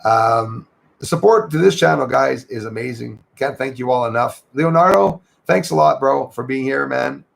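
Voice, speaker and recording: A man with a gravelly, fry-edged voice in the middle of the male range, hosting a relaxed livestream. He talks in a loose, chatty way, reads viewer comments aloud, thanks people by name and drifts into French greetings now and then. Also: medium pitch, moderate pace. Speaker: livestream host. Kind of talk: casual livestream chat. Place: home in Canada near the Michigan border.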